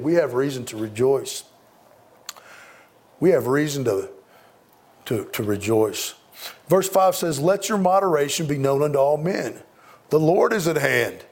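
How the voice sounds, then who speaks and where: A man's voice: fairly high pitch, lively intonation, moderate pace, a little mellow. Emphatic man preaching a sermon. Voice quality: emphatic, repeats words when stressing a point.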